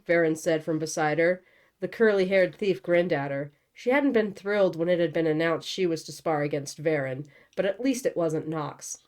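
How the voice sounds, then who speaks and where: Young woman reading a book out loud with jokey asides, lowish voice. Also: moderate pace. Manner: casual, joking asides between reading. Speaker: book channel host. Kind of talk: reading a novel aloud with commentary.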